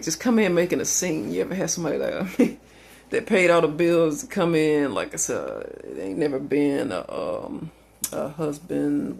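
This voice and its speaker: Man, casual storytelling, rambling and profane, lively pitch, raspy fry. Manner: rambling, profane, lots of fillers.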